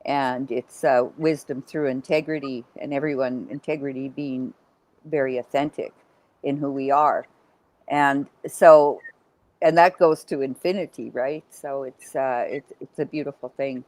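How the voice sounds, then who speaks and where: A woman's voice: a bass voice, fairly even intonation, unhurried, a little mellow, no room sound, low-quality recording. Woman, podcast guest, spiritual talk, dry sound. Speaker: roundtable guest. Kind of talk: casual roundtable chat.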